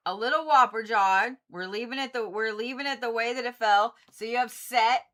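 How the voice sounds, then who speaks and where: A woman's voice: on the high side, moderate pace, a bit bright. A woman doing casual zodiac card readings on a livestream, chatty and blunt, swearing freely and talking straight to her viewers. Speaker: Reiki practitioner and tarot reader.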